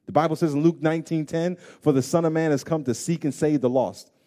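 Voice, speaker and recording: A man preaching a sermon as pastor. He swings from hushed, intimate words to loud, pleading emphasis and repeats phrases to drive them home. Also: fairly high pitch, steady tone, fairly quick. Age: adult parent of grown children.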